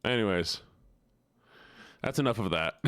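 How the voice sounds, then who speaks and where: A man's voice: medium pitch, fairly bright tone, no echo, studio quality. A man streaming live, chatting casually with his audience in a playful, teasing way full of mock outrage.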